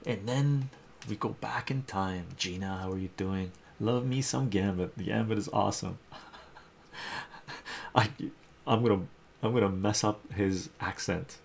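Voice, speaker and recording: A man's voice: on the low side, creaky, a little hiss or hum. A man hosting a live stream, chatting casually and enthusiastically about comic books and reading out chat messages.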